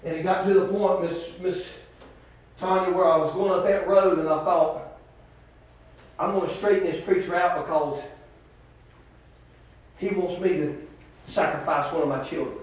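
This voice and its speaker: A man preaching a testimony sermon, swinging from shouts to hushed talk. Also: sits high, steady tone, normal speed, pauses often. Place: church hall. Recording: echoey hall from far off.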